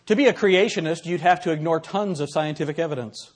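A man giving a classroom lecture, reading examples aloud and putting questions to his audience in an animated, conversational way. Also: on the high side.

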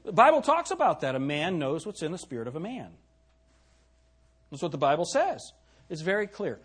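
Husky, animated man preaching. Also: fairly high pitch, moderate pace. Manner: animated preaching, rhetorical questions to the congregation. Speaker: pastor. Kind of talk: sermon. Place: church.

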